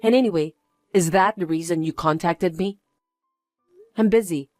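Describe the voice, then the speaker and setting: A woman reading a story aloud as its main character, speaking in a flat, weary and dismissive way. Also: fairly low pitch, moderate pace, no room sound, studio quality, faint music behind.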